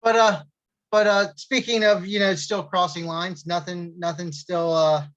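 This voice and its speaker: A man co-hosting a wrestling podcast, with a bright, clear-edged voice that comes through a slightly dull, lo-fi mic. He talks in halting starts, often repeating his first words before he gets the thought out. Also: high voice, fairly even intonation. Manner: hesitant, repeats words, chuckles. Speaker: podcast co-host. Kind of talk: casual wrestling podcast chat.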